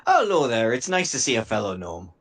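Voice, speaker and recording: A man's voice: medium pitch, big pitch swings, fast, a bit bright. A man voicing a friendly male gnome tinkerer in a put-on Irish accent, chatty and welcoming.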